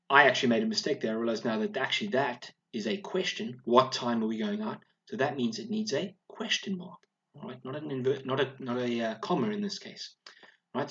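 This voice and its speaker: A man's voice: mid-range voice, a bit bright, lo-fi sound. A man teaching a grammar lesson, explaining patiently and checking in often with "all right?".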